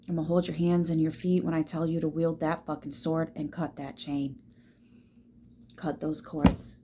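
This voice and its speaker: A woman giving a tarot reading, emphatic and swearing, dropping now and then into soft whispers. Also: on the low side, a little hiss or hum. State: teary at times. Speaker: tarot reader.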